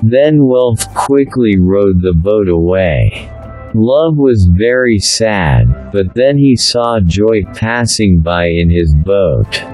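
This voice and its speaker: Slow, low-voiced male storyteller. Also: lively intonation, darkish tone, rough recording. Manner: slow, deliberate reading. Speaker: narrator. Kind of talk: storybook reading. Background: faint instrumental music.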